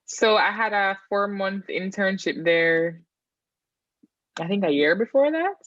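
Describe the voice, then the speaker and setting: A young Jamaican woman in her twenties, a guest in an interview, talking in a measured way and explaining with examples. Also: medium pitch, expressive, a bit bright, no room sound, highs cut off. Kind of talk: casual interview chat.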